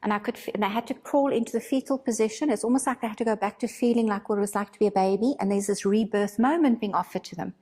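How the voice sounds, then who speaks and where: A woman teaching a spiritual course, telling a story in a casual, animated way and acting out her own thoughts. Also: medium pitch, fast talker, few pauses, big-room sound.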